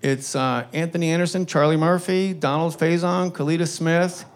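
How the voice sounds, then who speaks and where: A middle-aged male comedian working through a stand-up story with a slightly high voice. He rambles from one detail to the next and swears freely as he builds the tale. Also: fairly even intonation, normal speed. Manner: profane, rambling anecdotal delivery.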